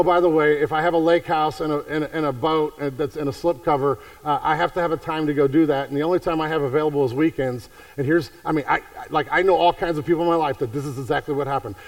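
A man preaching a sermon in a conversational way, repeating himself and swinging from hushed to fervent. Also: a little high, recorded from a distance, low-quality recording. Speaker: pastor.

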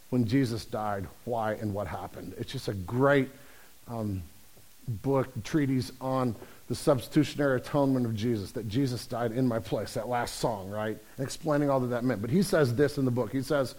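A man's voice: medium pitch, a little mellow. A man preaching a sermon as pastor, speaking in a conversational, earnest way with frequent restarts.

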